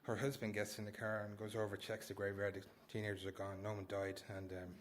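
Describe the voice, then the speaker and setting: A man's voice: lowish voice, little pitch movement, quick pace, background noise. A man performing a comic personal story at a live story slam, rambling and self-mocking, laughing through his lines. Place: small live venue indoors.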